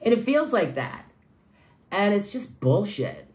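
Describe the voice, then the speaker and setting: Woman, video creator, angry rant, swearing a lot, medium pitch, muttering then flaring up. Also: sing-song, measured pace, a little mellow. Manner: profane, bitter, swings between muttering and raised outbursts. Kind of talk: angry ranting monologue.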